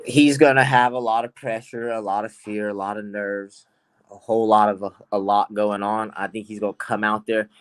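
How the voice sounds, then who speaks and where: A man's voice: lowish voice, no echo. Brash, profane trash-talking man. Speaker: guest pro fighter. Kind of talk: casual podcast chat.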